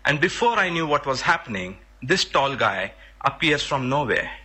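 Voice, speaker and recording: Husky-voiced man telling a story. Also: mid-range voice, big pitch swings, normal speed, pushed and bright. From India. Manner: earnest, plain, searching for words. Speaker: workshop participant telling a personal story. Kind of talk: spoken personal storytelling.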